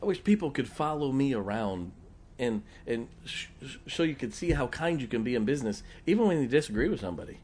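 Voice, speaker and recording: A man's voice: mid-range voice, big pitch swings, brisk, darkish tone, husky. A middle-aged man preaching a sermon as pastor, folksy and often joking and laughing with the congregation.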